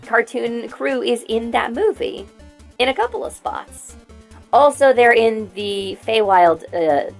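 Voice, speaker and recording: A young woman streamer talks in an excited, rambling way, tripping over her words as she jumps between bits of trivia. Her voice is very lively, swinging high and low. Faint music plays quietly behind her. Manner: rambling, excited trivia talk with quick restarts. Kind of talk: casual stream chat.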